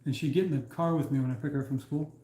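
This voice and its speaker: A man's voice: fairly high pitch, steady tone, racing, dark tone. Man cracking crude jokes, echoey room. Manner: crude jokes, swearing, laughs at his own lines. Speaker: live-stream co-host. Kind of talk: casual chat. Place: at home.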